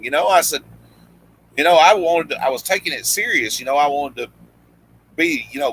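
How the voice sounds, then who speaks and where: Casting: man, bright and forward voice, casual rambling storyteller who voices the people in his tales. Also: on the high side, lively intonation, moderate pace, long pauses, breathy edge, rough recording. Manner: rambling, many restarts, acts out quoted lines. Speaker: guest storyteller, former pro wrestler.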